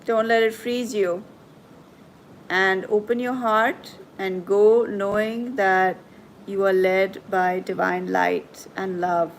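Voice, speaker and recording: Slow, soothing woman livestream host. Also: mid-range voice, fairly even intonation, a little hiss or hum, low-quality recording. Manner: soothing, reassuring, slow and gentle. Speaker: tarot reader and coach hosting a livestream. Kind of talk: live stream chat reading viewer comments.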